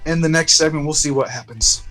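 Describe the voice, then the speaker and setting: A man's voice: on the high side, a little fast, a bit bright, poor audio. Young man, game narrator, rambling, profane, tipsy, faint guitar music behind. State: a bit tipsy. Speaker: game streamer. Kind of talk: casual let's-play narration.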